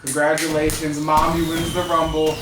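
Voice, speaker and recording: A man giving a casual spoken wrestling review, rambling and excitable with many restarts and fillers. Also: on the high side, normal speed, roomy sound, noisy background.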